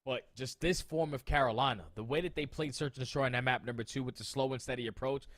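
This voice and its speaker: Male esports caster, excitable and slangy, mid-pitched voice. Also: fast talker. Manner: hyped, enthusiastic, casual slang. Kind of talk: esports desk commentary.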